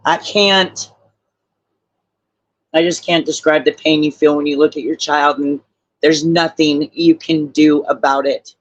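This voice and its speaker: A man's voice: fairly high pitch, fairly even intonation, unhurried, lo-fi sound. An older man speaking as a guest on a live stream, blunt, heartfelt and swearing. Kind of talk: emotional live stream discussion.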